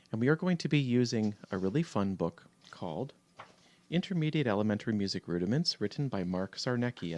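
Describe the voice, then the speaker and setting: A man teaching a music theory lesson over a shared screen, relaxed and halting with many fillers, counting beats aloud. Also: lowish voice, no echo.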